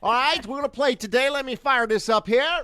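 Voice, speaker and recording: A man's voice: extremely high pitch, fairly quick, sharp tone, smooth, faint music behind. A man hosting a morning radio show, playful and laughing as he runs a call-in game.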